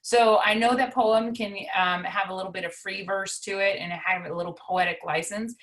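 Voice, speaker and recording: A woman's voice: medium pitch, steady tone, normal speed, a bit bright, poor audio. A woman teacher explaining a poetry assignment in a chatty, folksy way, using examples from her own life. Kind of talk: recorded online lesson.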